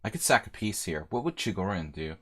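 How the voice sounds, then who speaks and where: A middle-aged man with a low, deep voice, live-streaming a game and talking through his moves as he goes. His delivery is chatty and wry, and he breaks off to banter with his viewers in a relaxed, joking way. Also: a little fast, breathy edge. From United States. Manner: chatty and joking, answering chat mid-game. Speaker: chess streamer. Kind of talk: live-streamed game commentary, thinking aloud.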